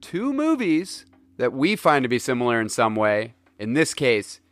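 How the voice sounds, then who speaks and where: A young man co-hosts a podcast, talking in a loose, rambling way with lots of "uh"s. His voice sits at a middling pitch and is recorded close and dry on a studio mic. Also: normal speed, no echo. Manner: relaxed, rambling with many fillers. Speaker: podcast co-host. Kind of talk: casual chat.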